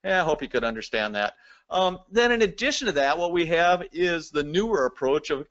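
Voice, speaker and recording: A man with a somewhat high voice presents a lecture, explaining things plainly and speaking straight to his viewers. The recording sounds dull and lo-fi. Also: animated, fairly quick, a bit bright. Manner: explanatory, addresses viewers directly.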